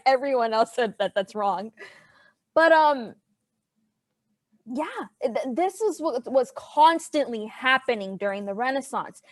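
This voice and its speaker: Lively, chatty woman teaching an online class. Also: high-pitched, dry recording, studio quality. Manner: chatty, animated and playful with students. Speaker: history teacher. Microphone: video call.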